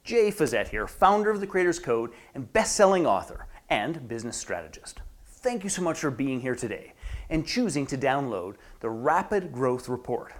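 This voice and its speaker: Middle-aged business coach, lively pitch swings, theatrical promo delivery. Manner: animated, theatrical, acts out quoted voices. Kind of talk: promotional presentation.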